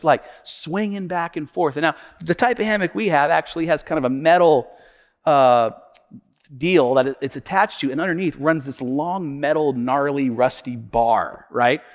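A man in his thirties preaching a sermon as a pastor, telling a family story in a loose, conversational way and often saying "man". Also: on the high side. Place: church sanctuary. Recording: long hall reverb.

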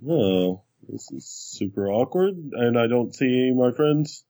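A man plays a tabletop game, planning his character's turn aloud in a wry, casual way. He talks slowly, and his pitch rises and falls a great deal. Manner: slow, animated, wry. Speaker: player.

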